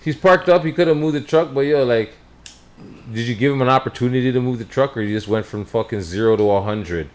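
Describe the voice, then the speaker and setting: Animated swearing podcast co-host, man. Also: mid-range voice, a little fast. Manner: animated, swearing, repeats himself. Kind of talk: casual chat.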